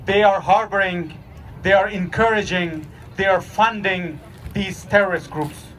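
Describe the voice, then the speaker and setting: A man organizing and emceeing an outdoor demonstration, speaking earnestly with many pauses and fillers. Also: sits high, steady tone, a bit bright. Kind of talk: addressing an outdoor rally. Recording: distant mic with outdoor noise.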